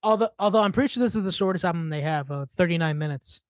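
A co-host on a casual music review podcast, talking in halting restarts with many fillers. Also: mid-range voice, no room sound.

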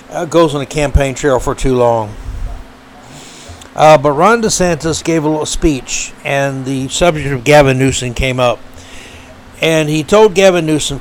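A man's voice: a little high, slight background noise. Indignant man ranting on a podcast. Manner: heated, indignant, with many fillers and restarts. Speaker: podcast host. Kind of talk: solo political commentary.

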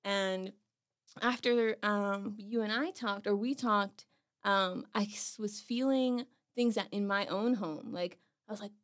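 A woman on a podcast telling her own ghost story in casual chat, animated and quick to laugh, acting out her reactions. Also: mid-range voice. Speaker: podcast co-host.

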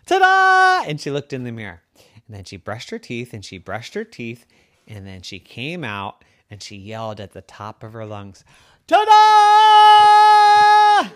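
A parent spins an improvised bedtime story, voice bouncing up and down with playful energy and sometimes sinking to a near hush. The sound is dry and close to the mic. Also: mid-range voice, no room sound. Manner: lively, playful, drops to a hush.

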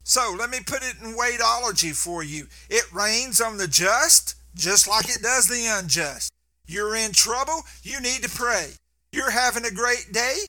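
A man's voice: extremely high pitch, bright, forceful tone. A man preaching a sermon, telling folksy stories and often stumbling and restarting his words. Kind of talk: sermon with storytelling.

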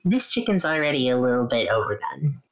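A woman's voice: extremely low pitch, sing-song, a little fast. A woman co-hosting a podcast in casual chat, making dry, wry remarks. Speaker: podcast co-host.

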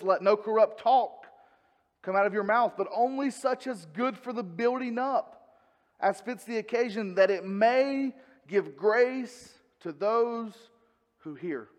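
Male preacher, higher voice, conversational and earnest, reverberant hall sound. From North Carolina, US South. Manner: earnest, conversational preaching with frequent repetitions and self-corrections. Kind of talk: sermon.

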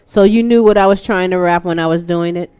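A woman's voice: on the low side, fairly quick, darkish tone, smooth. A woman from Texas, hosting a radio talk show in a playful, teasing way and laughing often.

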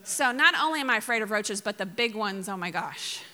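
A woman's voice: mid-range voice, expressive, fairly quick, bright, forceful tone, big-room sound. A woman pastor from Mississippi preaching a sermon, telling funny stories with laughs and sudden emphatic bursts.

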